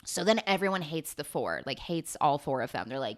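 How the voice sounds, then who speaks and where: A woman in her twenties giving a rambling, sweary comedic movie recap full of lively asides. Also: deep voice, moderate pace. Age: 20s.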